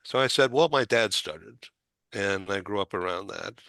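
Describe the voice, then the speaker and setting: An older man hosting a talk show, telling a personal story in a halting way, with stumbles, fillers and small laughs. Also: fairly low pitch, vocal fry, bright, forceful tone, no echo. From Boston area.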